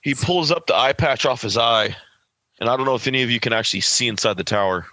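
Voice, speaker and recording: A man's voice: medium pitch, quick pace, pushed and bright, no room sound, rough recording. A man from California who runs a tabletop game, narrating scenes with lots of fillers and self-corrections. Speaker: game master.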